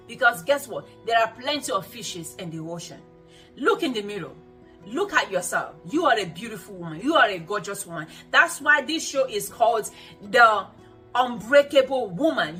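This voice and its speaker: A woman with a bright, forceful, slightly high voice gives a motivational talk to women, preachy and earnest. She hammers her points home by repeating them. Soft music plays faintly behind her. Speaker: host of a self-help show.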